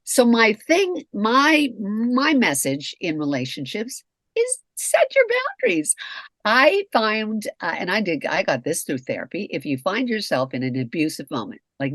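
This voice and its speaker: A woman's voice: mid-range voice, a bit bright, no room sound. A middle-aged woman co-hosting a talk show, speaking bluntly and candidly about relationships and swearing freely. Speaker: podcast co-host, communication expert. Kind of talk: candid casual conversation.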